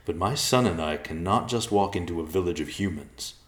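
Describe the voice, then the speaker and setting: A man voicing a grave, calm male bear chief who is a father. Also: sits low, fairly quick, natural voice. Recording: roomy echo.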